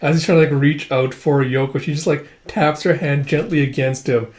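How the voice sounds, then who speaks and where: A man's voice: fairly high pitch, steady tone, fairly quick, darkish tone. A man casually reading through a manga and narrating the action, with rambling, profane asides. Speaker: manga reader. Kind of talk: casual read-through with commentary.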